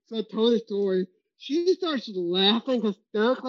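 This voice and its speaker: A man, a guest on a podcast, telling hunting stories in a lively way, often laughing and acting out what people said. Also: high-pitched, moderate pace. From Texas. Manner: animated, laughs often, acts out quotes. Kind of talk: storytelling in a podcast interview. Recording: muffled lo-fi recording.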